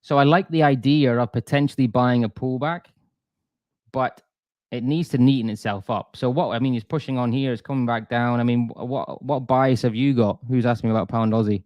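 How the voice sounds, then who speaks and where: A man's voice: medium pitch, fairly even intonation, fairly quick, dry recording, dull audio. A man talking casually on a live trading stream, chatty and self-deprecating, full of restarts and asides to viewers. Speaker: forex trader streamer.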